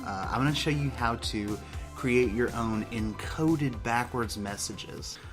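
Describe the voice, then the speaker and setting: A man's voice: medium pitch, a little slow. A man hosting a casual how-to vlog in an upbeat, chatty way, joking about himself. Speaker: YouTube host. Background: music.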